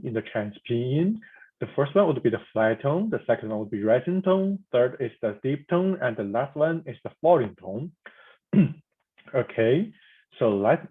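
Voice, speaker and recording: A man teaching a pinyin pronunciation lesson, speaking haltingly with frequent restarts and repeated demonstration sounds. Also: mid-range voice, slightly rough, phone-quality sound. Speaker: language instructor.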